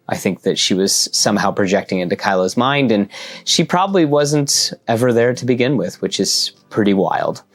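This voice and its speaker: Low voice guy chatting thru a comic recap for his fans. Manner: conversational, addresses fans. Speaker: comic review host. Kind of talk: casual comic recap and review.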